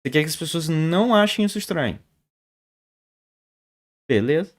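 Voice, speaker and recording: A man's voice: fairly high pitch, expressive, brisk. Chatty man streaming chess. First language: Portuguese. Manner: chatty, stammers and repeats words. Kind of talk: casual livestream chat.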